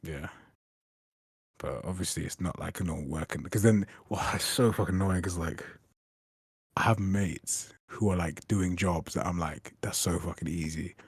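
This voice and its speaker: A young game developer chats casually on a stream, rambling, swearing, and animatedly retelling stories. His voice sits low and husky at a moderate pace. The studio-quality audio has no room sound.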